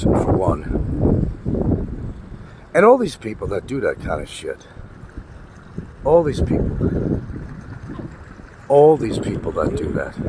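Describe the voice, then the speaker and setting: A man ranting in a casual vlog, blunt and profane, repeating his points for emphasis. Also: fairly low pitch. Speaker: vlogger. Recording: wind noise and traffic outdoors.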